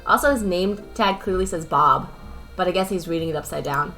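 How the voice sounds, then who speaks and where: A woman's voice: lowish voice, a little fast, a bit bright, soft background music. A young woman streamer reading a game's text aloud, casual with joking asides.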